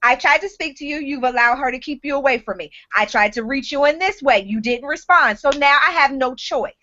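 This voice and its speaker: A woman's voice: sits high, fairly quick, sharp tone, highs cut off. A woman hosting a live online talk show, giving blunt, frank advice with casual swearing.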